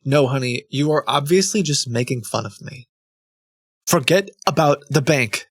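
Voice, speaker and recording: A man's voice: medium pitch, expressive, normal speed, no room sound, clean studio sound, close to an everyday voice. A man reading aloud as a pleading, reproachful woman who writes love letters, in a mildly dramatic tone. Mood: insistent.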